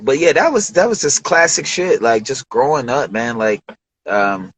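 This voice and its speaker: A man's voice: medium pitch, normal speed, husky, low-quality recording. A man from Detroit telling studio stories in a casual interview, acting out the voices of the people he quotes and swearing freely. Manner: animated storyteller, acts out quoted voices, profane slang. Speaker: interview guest, rapper.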